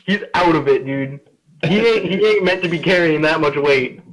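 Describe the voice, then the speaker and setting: A man's voice: on the high side, moderate pace, a bit bright, rough recording. A man playing a tabletop game, blunt and casually profane. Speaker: player.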